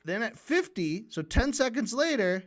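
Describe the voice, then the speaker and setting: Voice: medium pitch, big pitch swings, moderate pace, a bit bright. A streamer giving heated, sarcastic livestream commentary on a debate. The speech is full of swearing and frequent stumbles and restarts. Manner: stumbling restarts while building arguments.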